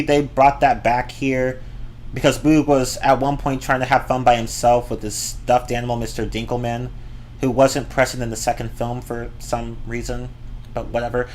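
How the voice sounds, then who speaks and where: A man giving a ranting movie review, exasperated and profane, often repeating and restarting his words. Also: mid-range voice.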